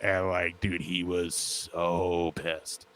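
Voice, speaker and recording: A man's voice: low voice, level tone, extremely slow, fairly bright tone. A young adult man co-hosting a podcast, chatting casually and telling rambling stories full of "like". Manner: rambling storyteller with many "like" fillers. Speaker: podcast co-host. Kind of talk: casual chat.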